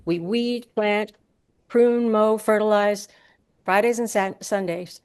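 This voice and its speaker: A woman reading a personal essay aloud at a live event, crisp and brisk, brightening when she quotes people. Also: mid-range voice. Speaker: essay reader.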